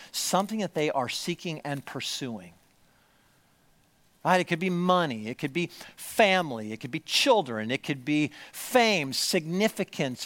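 A man preaching a sermon to a congregation, swinging from hushed storytelling to loud, emphatic lines. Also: a little high. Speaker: pastor. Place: church, before a congregation.

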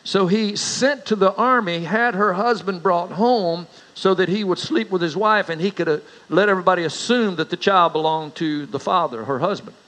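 A man's voice: moderate pace, few pauses, a bit bright, poor audio. Folksy preacher man. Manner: folksy storyteller, rises in pitch for anecdotes. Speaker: pastor. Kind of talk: sermon.

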